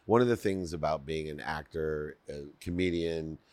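A man's voice: extremely low pitch, normal speed, darkish tone, no echo. A man hosting a podcast interview, chatty and asking long questions. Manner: chatty, laughs along, asks long questions. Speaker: podcast host. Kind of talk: conversational interview.

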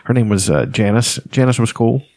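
Animated rambling man. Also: medium pitch, a little fast, no echo. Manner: rambling, laughs often, profane. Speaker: podcast co-host. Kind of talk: casual chat.

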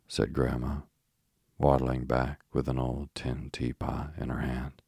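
A man narrating a bedtime story in a calm, even way. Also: extremely low pitch, slow, gravelly, slightly rough, no echo, clean studio sound.

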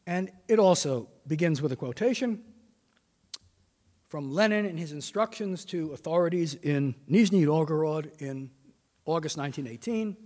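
Older male lecturer, high lively voice, reverberant lecture hall. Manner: measured, reads quotations with emphasis. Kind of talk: formal prepared lecture.

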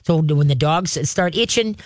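A man's voice: fairly high pitch, normal speed, no echo, studio quality. A man hosting a call-in radio show about dogs, giving folksy, chatty advice and checking in with "okay?" and "all right?" as he goes. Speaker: radio show host, dog trainer.

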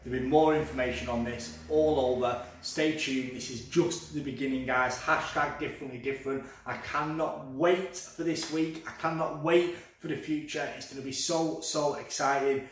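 A man's voice: medium pitch, fairly even intonation, moderate pace, few pauses. A man who owns a shop, chatting enthusiastically on a podcast and repeatedly calling his listeners guys. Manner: enthusiastic, repetitive, keeps addressing listeners as guys. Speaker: shop owner promoting his store on a podcast. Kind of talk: promotional podcast chat. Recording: echoey room, far from the mic, music behind.

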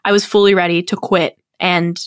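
A young woman chatting as a podcast guest, bubbly and expressive, laughing often. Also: on the low side, moderate pace, clean tone, no echo, studio quality. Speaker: guest musician. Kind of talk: casual chat.

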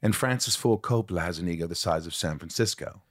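An American man doing an impression of a sardonic English actor, speaking in a put-on English accent. The delivery is haughty and measured, pitched low. The sound is close and dry. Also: dry recording.

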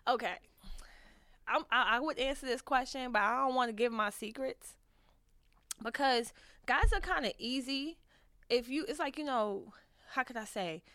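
A woman's voice: sits high, moderate pace, pauses often, bright, forceful tone, no room sound. A woman vlogger giving frank, rambling advice to viewers in a casual chat, full of fillers and restarts. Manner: frank and profane. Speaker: vlogger answering viewer questions.

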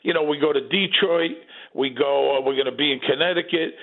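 A man's voice: on the high side, brisk. Rambling male guest on a phone line. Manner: storytelling, lots of fillers. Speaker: actor and guest. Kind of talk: casual chat.

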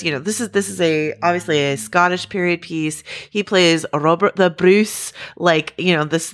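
Lower-voiced woman chatting animatedly about films. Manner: animated, chatty, laughs while talking. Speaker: podcast panelist. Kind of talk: casual film chat.

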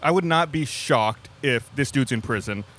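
A man's voice: mid-range voice, expressive, a bit bright. A man co-hosting a podcast, chatting casually with frequent restarts and fillers. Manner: halting, many restarts. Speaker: podcast co-host. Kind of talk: casual chat.

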